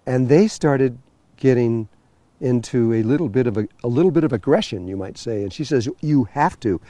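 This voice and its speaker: A man recounting a personal story in a loose, meandering way, stumbling over restarts and fillers as he goes. His voice is warm and mellow, and the recording is close and dry. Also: mid-range voice, brisk, dry recording. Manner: rambling, full of fillers and restarts. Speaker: spiritual teacher telling a story. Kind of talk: storytelling talk.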